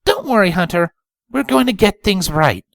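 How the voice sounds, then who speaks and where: An earnest, warm-hearted young mare, as a man reading a story puts her on in a high, bouncing falsetto. She pleads and reassures with eager sincerity, her voice lively and dry. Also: moderate pace, vocal fry, dry recording, exaggerated voice. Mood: reassuring. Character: kind, earnest young female unicorn.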